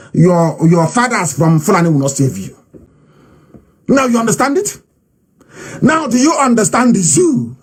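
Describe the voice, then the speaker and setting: A man with a Nigerian accent giving a fiery, defiant political broadcast speech, repeating phrases for emphasis and sometimes shouting. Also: high voice, breathy edge. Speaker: political movement leader giving a live address.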